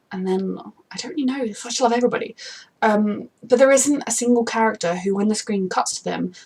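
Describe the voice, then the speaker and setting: Husky-voiced woman gushing about a TV show. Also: medium pitch. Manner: gushing, rambling, emphatic about favourite characters. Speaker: TV reaction vlogger. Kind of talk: casual unscripted commentary.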